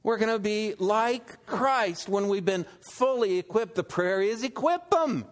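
A man preaching a sermon and reading scripture, unhurried, asking his listeners rhetorical questions. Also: high-pitched, expressive. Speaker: pastor.

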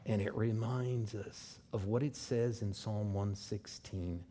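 A man's voice: fairly low pitch, steady tone, slow pace, warm tone, slight background noise. A man, likely a pastor, preaching a sermon in a folksy way with asides and rhetorical questions.

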